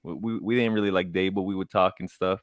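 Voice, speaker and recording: A man co-hosting a casual podcast, talking in an animated way, giggling often and trailing off mid-sentence. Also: sits low, fast talker, clear, resonant tone, no room sound, studio quality. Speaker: podcast co-host. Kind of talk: casual chat.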